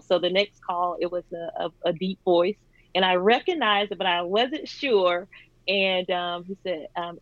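Chatty woman guest, lowish voice. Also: steady tone, moderate pace, dry recording, highs cut off. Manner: warm, laughs often, many fillers. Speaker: charity founder, guest. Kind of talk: conversational storytelling interview.

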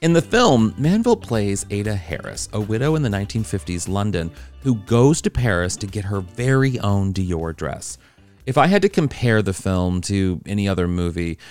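A man's voice: on the low side, very animated, moderate pace, darkish tone. A man hosting a pop culture podcast, chatty, playful and gushing as he sets up the episode. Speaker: podcast host. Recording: music bed under voice. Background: background music.

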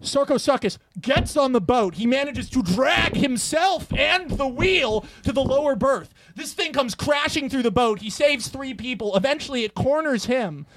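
A man telling a rambling, profane comedic movie pitch, acting out characters' lines in quick bursts. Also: expressive, a bit bright, no room sound.

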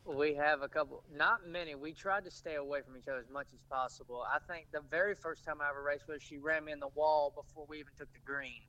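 A man's voice: on the high side, steady tone, fast talker, few pauses, pushed and bright, muffled recording. A man, a race driver guest telling stories in a laid-back, casual way. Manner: laid-back storytelling with laughs. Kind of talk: casual interview chat.

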